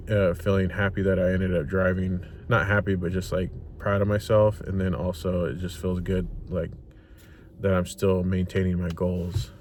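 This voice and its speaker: A young man telling stories in a casual vlog, animated and swearing freely, tired after his workday. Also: low voice, slight background noise. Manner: animated retelling, swears freely, acts out quotes. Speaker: rideshare driver and vlogger. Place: inside a parked car.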